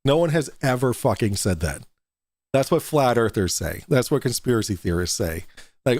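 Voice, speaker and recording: A man's voice: mid-range voice, animated, normal speed, darkish tone, dry recording. A man co-hosting a debate podcast, blunt and mocking, swearing often as he reads chat and jeers. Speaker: podcast co-host. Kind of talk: profane casual debate chat.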